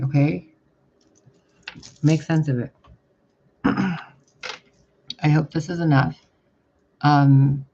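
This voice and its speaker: Heard through dull lo-fi audio and loud background noise, a man with a mid-range voice and vocal fry gives a casual channeled spiritual message. This spiritual reader is rambling and blunt, swearing casually.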